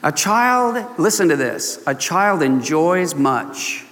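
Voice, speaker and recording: A man delivers a sermon from the pulpit, his fairly high voice jumping all over its range as he laughs and acts out little voices. The sound carries a long reverb from the church sanctuary. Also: takes it slowly. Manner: animated, laughing, acting out voices of people in the story. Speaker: pastor.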